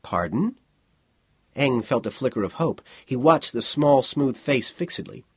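A man narrating a novel as an audiobook, with an expressive delivery. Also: medium pitch, moderate pace, husky, no echo. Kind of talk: scripted narration.

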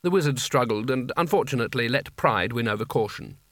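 A man narrates a comic fantasy audiobook with dry, wry timing. His voice sits at an ordinary middle pitch. The recording is close and dry, with no room sound. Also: brisk, a bit bright, dry recording. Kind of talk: scripted narration.

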